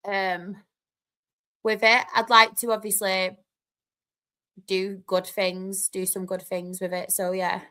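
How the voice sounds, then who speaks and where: A young Northern English woman hosting a live stream, chatting casually and reading out comments, excitable with quick laughs. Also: mid-range voice, clear, resonant tone.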